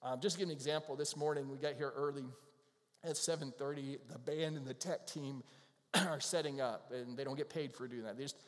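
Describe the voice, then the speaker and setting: A man preaching a sermon as a pastor, animated and acting out quotes with little laughs. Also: mid-range voice, fairly quick, big-room sound. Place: church.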